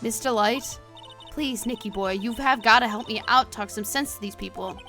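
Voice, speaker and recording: A woman voicing a bubbly, dramatic young woman, loud and theatrical, as she reads a game aloud. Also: on the high side, moderate pace, soft background music. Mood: gushing. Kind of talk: reading a visual novel aloud.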